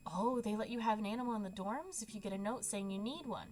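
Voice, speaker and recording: A woman's voice: mid-range voice, quick pace, darkish tone, slight background noise, close to an everyday voice. A woman voicing a cheerful teenage daughter in a dating game, bubbly and playful. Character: teenage girl, cheerful college-bound daughter.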